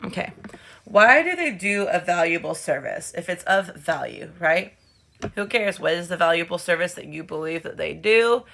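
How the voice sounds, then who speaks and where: A woman's voice: lowish voice, lively intonation, moderate pace, creaky, a bit bright, slight background noise. A woman teacher talking her students through a reading question in a casual, encouraging way. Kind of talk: classroom lesson recording.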